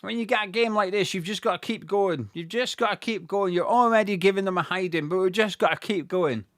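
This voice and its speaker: Man, fan watch-along commentary, swears a lot, shouts at goals, high voice, dry sound. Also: fairly quick, no room sound. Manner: excitable, swears freely, erupts into shouting at goals.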